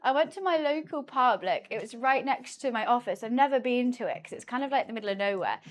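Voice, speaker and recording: A woman's voice: fairly high pitch, animated, quick pace. A woman streaming as she cooks in her home kitchen, chatting casually, laughing often and cooing to her cat. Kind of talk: casual chat while cooking on stream.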